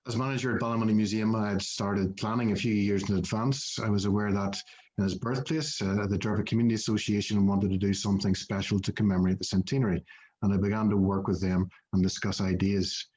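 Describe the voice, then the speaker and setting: A man's voice: lowish voice, fairly even intonation, fast, a little mellow. A man, a museum manager giving a prepared conference presentation, reading steadily with frequent "uh" fillers. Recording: dull, lo-fi recording.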